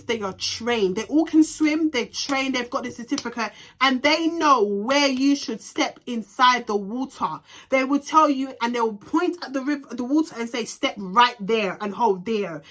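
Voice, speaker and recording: Bright-voiced woman ranting through a storytime. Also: sits high. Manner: animated, ranting, heavy swearing; slips in Jamaican patois slang. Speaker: vlogger. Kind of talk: storytime vlog.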